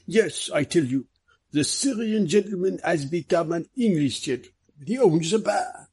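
A man voicing a playful foreign detective who speaks in halting, broken English, in an audiobook. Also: high-pitched, lively intonation, a little mellow, slightly rough, voice pushed up, full character voice. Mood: teasing.

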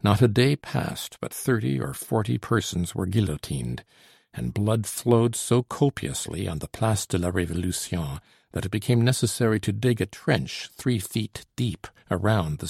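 Brief: low, gravelly male audiobook reader, measured and earnest, dry close mic. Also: expressive, a little mellow, dry recording. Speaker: audiobook narrator. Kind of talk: scripted narration.

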